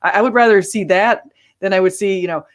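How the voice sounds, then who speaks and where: A man's voice: sits high, fast talker, fairly bright tone. A man who runs a Christian channel, talking earnestly in a casual panel chat and now and then mimicking preachers.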